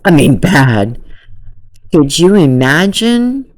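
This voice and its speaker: A woman talks through a true crime case in casual commentary, unhurried and deliberate. Her low-set voice swings widely in pitch as she sounds incredulous and exasperated, leaning hard on her points. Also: very animated. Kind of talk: casual commentary reacting to a clip.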